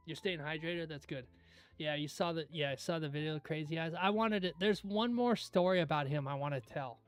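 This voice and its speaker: A young man hosting a livestream in casual chat, laid-back and rambling into stories, often clearing his throat. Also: on the high side, fairly bright tone. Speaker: livestream host.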